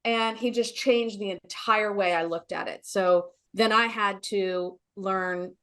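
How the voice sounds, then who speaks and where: A woman's voice: mid-range voice, fairly even intonation, slow, a bit bright, clean tone. A middle-aged woman, a guest on a podcast, telling a personal story in an earnest, emotional way, often restarting and saying "like, you know".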